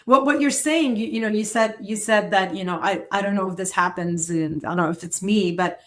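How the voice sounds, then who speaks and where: A woman's voice: mid-range voice, a little fast, a bit bright. A woman hosts a conversational interview, thoughtfully summing up her guest's story. She often repeats a word before finishing her thought. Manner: reflective, paraphrasing the guest, repeats words. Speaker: interview host.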